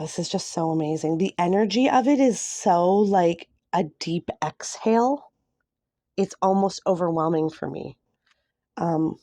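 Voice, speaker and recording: Gushing tarot reader, a low-voiced woman. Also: dark tone, dry recording. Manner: gushing and emotional, many fillers. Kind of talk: casual tarot reading to camera.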